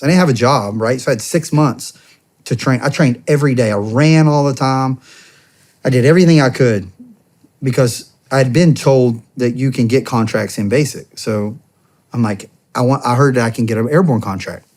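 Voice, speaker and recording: A man's voice: mid-range voice, normal speed, a little mellow. Man telling a rambling army story. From United States. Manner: rambling, heavy on "I'm like" and quoted dialogue. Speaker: podcast guest, former soldier and police officer. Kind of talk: casual storytelling in a long-form interview.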